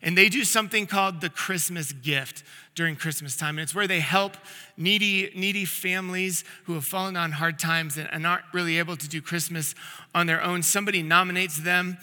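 A man's voice: sits high, fairly even intonation, a little fast, bright, forceful tone. A man preaching a conversational sermon to his congregation, telling a long personal story in an earnest way with frequent restarts. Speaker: pastor. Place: church sanctuary. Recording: long reverb of a church hall.

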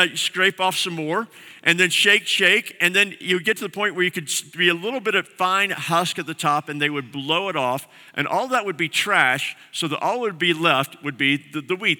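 A man's voice: high-pitched, normal speed, pushed and bright. A male pastor preaching a sermon, explaining scripture in a conversational, storytelling way in a church sanctuary. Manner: conversational teaching with vivid explanations. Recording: long hall reverb.

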